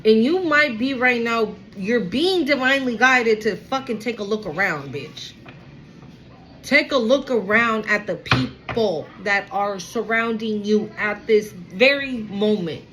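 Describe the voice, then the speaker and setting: A woman's voice: fairly high pitch, lively intonation, unhurried, fairly bright tone, slight background noise, poor audio. A woman giving a casual tarot reading to an online audience, blunt, profane and emphatic. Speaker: tarot card reader.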